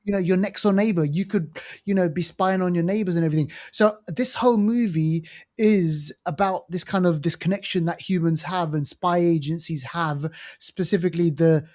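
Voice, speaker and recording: A man's voice: high voice, moderate pace, darkish tone. A man co-hosting a podcast, reviewing movies in a casual, enthusiastic, rambling way with lots of fillers and restarts. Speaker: podcast co-host.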